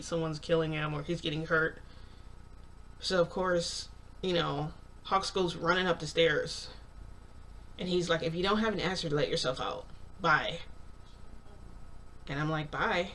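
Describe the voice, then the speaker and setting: A woman's voice: lowish voice, fairly bright tone. Chatty young woman telling a story. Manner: chatty, filler-heavy retelling with quoted dialogue. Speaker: vlogger. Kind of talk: casual storytelling to viewers.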